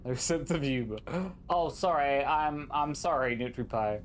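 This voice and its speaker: A man's voice: medium pitch, unhurried, a little hiss or hum. A man live-streaming a game, chatting casually, joking and teasing as he reads chat aloud.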